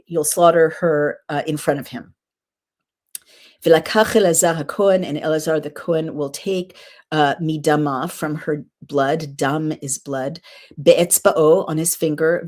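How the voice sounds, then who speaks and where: A low-pitched woman hosts a podcast and reads scripture slowly, one phrase at a time. She translates each line as she goes and adds casual asides between verses. It sounds recorded on a computer mic while she shares her screen. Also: a little mellow. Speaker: podcast host. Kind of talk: casual Bible reading and commentary. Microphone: computer mic while screen sharing.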